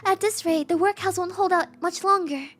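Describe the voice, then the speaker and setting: A woman's voice: very high voice, moderate pace, fairly bright tone, pitched above the performer's own voice. A woman putting on the voice of a theatrical woman who runs a workhouse, pleading in an exaggerated way.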